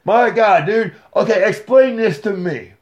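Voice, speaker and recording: A man's voice: sits high, expressive, unhurried, lo-fi sound. A man telling a wrestling story as a podcast guest, boisterous and profane, acting out the scenes.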